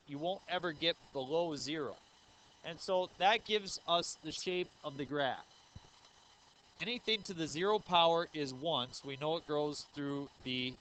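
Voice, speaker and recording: A man in his thirties teaches a math lesson in a slightly high, very bright voice. He works through each step and keeps asking the class questions, with frequent 'uh' and 'um'. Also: low-quality recording. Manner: says 'uh' and 'um' often. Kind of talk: recorded math lecture.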